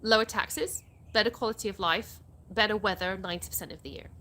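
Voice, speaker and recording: A woman's voice: mid-range voice, fast talker, bright, forceful tone, a little hiss or hum. A woman, hosting a live stream outdoors, reading viewers' comments aloud and answering them chattily. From England. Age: 30s. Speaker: livestream host.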